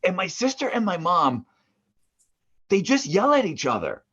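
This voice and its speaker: A man from the northeastern United States tells stories about his family on a casual podcast. His voice sits a little high and swings widely as he gets worked up. The sound is husky and swears come often, and the recording is muffled and lo-fi. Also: normal speed. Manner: animated storyteller, swears, acts out family members' voices. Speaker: podcast co-host. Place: his mother's basement.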